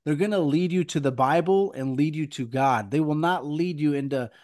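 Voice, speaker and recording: A man's voice: a little high, moderate pace, a little mellow. A man hosting a Christian podcast, talking earnestly and rambling with many fillers. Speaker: podcast host. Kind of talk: casual podcast chat and preaching.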